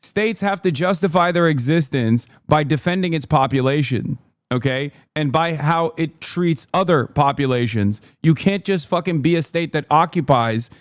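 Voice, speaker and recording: A man's voice: fairly high pitch, normal speed, no echo, studio quality. A man giving casual livestream commentary on a debate clip, sarcastic and heated, swearing and laughing often. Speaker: streamer reacting to a debate clip.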